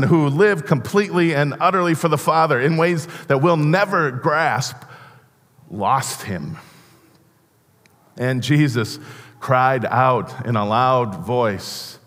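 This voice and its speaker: Slow-preaching pastor in a reverberant church. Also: male voice, mid-range voice, fairly bright tone. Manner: earnest, halting preaching with repeated restarts. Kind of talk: sermon. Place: church sanctuary.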